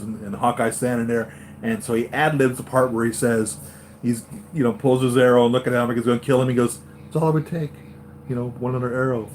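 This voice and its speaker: A man hosting a live stream for his toy-collector channel, chatting excitedly and going off on tangents, with lots of fillers and restarts. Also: medium pitch, slight background noise. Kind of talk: rambling live-stream fan chat.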